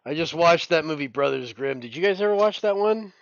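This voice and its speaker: A man's voice: fairly high pitch, expressive, brisk, no echo, highs cut off. A man talking in a casual podcast chat, laid-back, swearing freely and calling his co-hosts "dude". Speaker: podcast co-host.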